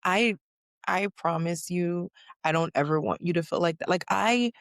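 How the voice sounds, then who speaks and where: A woman's voice: lowish voice, moderate pace, no room sound, clean studio sound. A woman hosting a podcast, replying in casual, emphatic chat and swearing freely. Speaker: podcast host.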